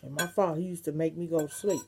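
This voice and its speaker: A woman's voice: low voice, steady tone, fast talker, background noise. A middle-aged woman vlogger, chatting casually and reminiscing to her viewers, with some salty language. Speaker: mukbang vlogger.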